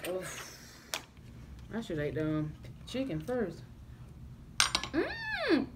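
A woman's voice: deep voice, expressive, slow pace, heavy background noise. A young woman vlogging casually to camera, groaning and gagging with exaggerated disgust. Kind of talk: casual vlog chat to camera.

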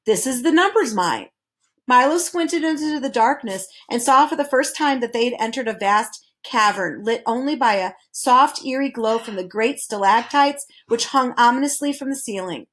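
A woman's voice: on the high side, normal speed, few pauses. Woman reading a children's novel aloud. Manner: calm, expressive storytelling. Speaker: reader.

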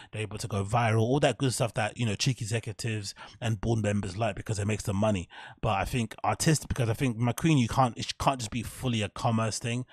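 A man's voice: fairly low pitch, no room sound. Guy rambling on his fashion podcast, swearing, trailing off, dry mic. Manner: swears freely, thinks out loud, trails off. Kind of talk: casual rambling monologue.

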